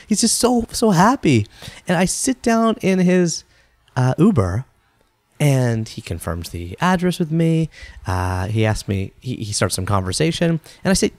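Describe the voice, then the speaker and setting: A man hosts a podcast in a chatty storytelling voice, and his pitch rises and falls a lot as he acts out each exchange. He speaks close to the mic in a dry, dead room. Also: normal speed, no room sound. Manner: animated, chatty storyteller who acts out quotes. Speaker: podcast host.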